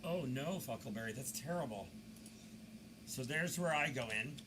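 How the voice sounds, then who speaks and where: A man narrating security camera footage as a video commentator, telling the story in a lively way with mocking asides. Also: medium pitch, normal speed, background noise.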